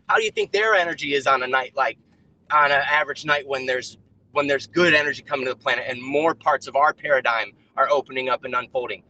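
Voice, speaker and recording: Rambling bright-voiced man ranting. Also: fairly high pitch, a little hiss or hum, rough recording. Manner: rambling, animated, many fillers and restarts; puts on mocking voices when quoting. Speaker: guest on a live stream. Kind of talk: casual chat, ranting. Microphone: own mic on a remote call.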